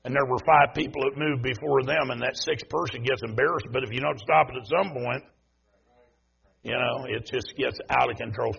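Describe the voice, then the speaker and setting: A man's voice: mid-range voice, moderate pace, vocal fry, fairly bright tone, husky, muffled recording. A visiting male preacher giving a folksy sermon in a church service, making direct appeals to the congregation.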